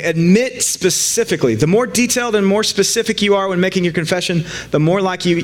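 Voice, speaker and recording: A man preaching a casual sermon to a live congregation, joking and conversational, with frequent fillers and restarts. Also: fairly high pitch.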